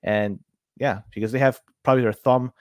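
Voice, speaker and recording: A man co-hosting a podcast, explaining tech security news in a casual, halting way with frequent restarts. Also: medium pitch, fairly even intonation, a little mellow, no echo. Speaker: podcast co-host.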